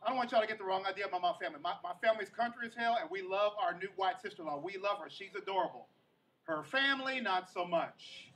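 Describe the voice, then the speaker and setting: Animated high-voiced stand-up comedian. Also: male voice, fast, recorded from a distance, slight background noise, poor audio. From Kansas, USA. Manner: animated, crowd-teasing, repeating punchlines. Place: comedy stage.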